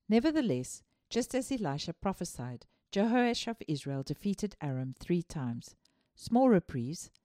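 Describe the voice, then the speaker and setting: A woman's voice: on the low side, warm tone, dry recording, studio quality. A woman narrating a scripted Bible story series in a dramatic, preacherly way with moral asides.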